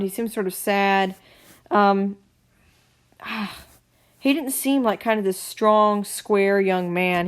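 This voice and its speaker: A woman talks straight to the camera in a casual solo film review, at a middle pitch for a woman. She is blunt and opinionated, often pausing on "um" and correcting herself mid-sentence. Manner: blunt and opinionated, with frequent ums and self-corrections. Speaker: film reviewer, channel host.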